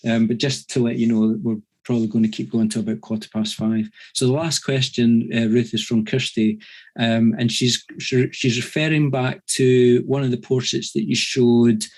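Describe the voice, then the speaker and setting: Male host, mid pitch; friendly, hesitant moderator. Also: flat delivery, moderate pace, darkish tone. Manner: friendly, hesitant, light teasing. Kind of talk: casual moderating.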